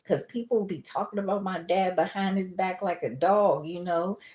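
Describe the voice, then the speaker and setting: Chatty tarot-reading woman, low voice. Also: moderate pace, a little mellow. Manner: chatty, laughs often, calls listeners boo and baby. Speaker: tarot reader. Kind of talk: casual tarot reading livestream.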